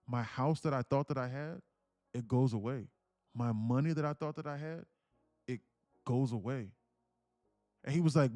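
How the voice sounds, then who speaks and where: A man's voice: medium pitch, normal speed, long pauses, a little mellow, no echo, faint music behind. A young man telling an emotional story on a live stream, earnest and preachy, repeating himself, swearing casually and near tears. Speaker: day trading streamer.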